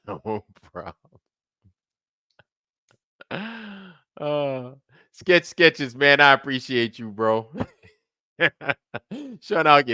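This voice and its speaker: A man's voice: medium pitch, very animated, drawn-out words, pauses often, pushed and bright, clean tone, no room sound, clean studio sound. A man hosting a late-night livestream, rambling casually and profanely while answering viewers in the chat. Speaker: livestream host.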